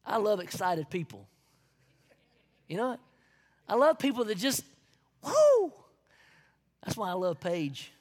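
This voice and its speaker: A pastor with a Southern US accent delivers an energetic sermon, the voice swinging widely in pitch. Folksy asides sit between sudden whoops and shouts, with an average pitch for the voice. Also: moderate pace, long pauses, long reverb tail.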